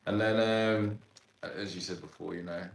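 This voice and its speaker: A man in his thirties tells a story as a podcast guest, animated and slangy with lots of fillers. His voice sits on the low side. The room around him has a noticeable echo. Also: normal speed, vocal fry. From Sudan, raised in Ireland. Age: 30s. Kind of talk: casual storytelling interview.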